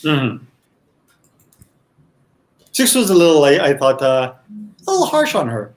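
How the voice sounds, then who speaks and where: A man, the creator of a TV series, explaining his choices as a guest in a casual online chat, speaking thoughtfully and haltingly. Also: fairly high pitch, huge pitch swings. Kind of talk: casual video-chat commentary.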